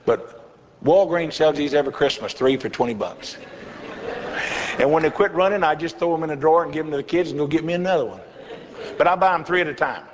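An older pastor tells a folksy testimony in his sermon, adding chuckling asides, his voice on the high side and quick. The sound is an echoey hall, slightly dull with faint hiss.

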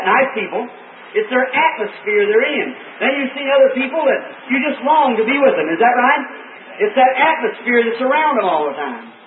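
A man's voice: sits high, a little hiss or hum. A man preaching a revival sermon to a congregation, telling homey stories and rising into fervent exclamations. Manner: folksy storytelling, fervent. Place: meeting hall with congregation. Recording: tinny lo-fi old recording, roomy and distant.

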